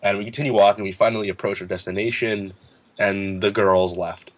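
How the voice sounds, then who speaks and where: A man in his late teens, a podcast guest, telling a story in a lively way, laughing often and acting out the other people's lines in a raised voice. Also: a little fast. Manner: animated, laughing, acts out quotes in a higher voice. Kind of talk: casual storytelling.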